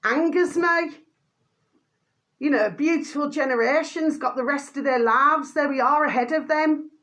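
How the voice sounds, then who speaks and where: A woman's voice: sits high, a little slow, a bit bright. A woman vlogging an angry rant to her viewers, swearing mildly and calling them by a pet phrase again and again. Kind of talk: ranting monologue to camera.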